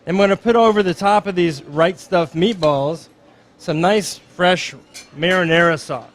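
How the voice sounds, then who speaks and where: A man's voice: high voice, measured pace, a little hiss or hum. A middle-aged man working as a chef, giving a live cooking demonstration at a dinner event. He is upbeat and chatty, and he explains each step as he goes.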